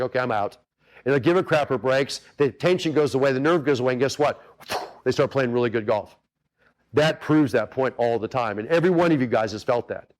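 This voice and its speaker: A man hosting a golf coaching webinar in a casual, earnest way, often turning straight to his listeners to check they follow him. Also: medium pitch. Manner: earnest, repetitive, talks straight to the audience with many asides.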